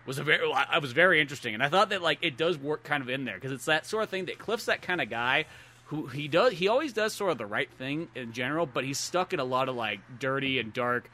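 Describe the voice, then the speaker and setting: A man co-hosting a podcast in casual chat, animated and acting out scenes in quoted voices. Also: a little high, quick pace. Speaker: podcast co-host.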